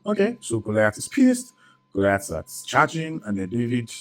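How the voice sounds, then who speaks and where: A man's voice: mid-range voice, huge pitch swings, moderate pace, faint music behind, low-quality recording. A man retelling a Bible story for a church audience in a casual, chatty way, full of "like" and "right?" and joking asides.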